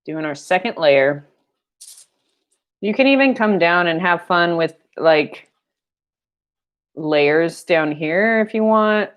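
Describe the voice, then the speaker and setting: A woman's voice: on the low side, lively intonation, slow, pauses often, highs cut off. A young woman teaching a painting class on a live stream, chatty and jokey, often laughing at her own asides. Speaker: paint night instructor.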